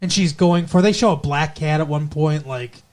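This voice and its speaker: A man's voice: a little high, normal speed, darkish tone. A man co-hosting a podcast, recapping an episode in a rambling, casual way with many fillers. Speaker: podcast co-host.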